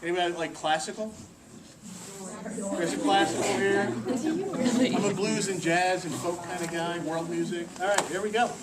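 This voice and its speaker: A man's voice: sits high, moderate pace, long pauses, over a noisy crowd. Joking man presenting to a staff meeting. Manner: lively, joking, quizzes the audience. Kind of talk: workplace presentation. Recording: distant mic with faint hiss.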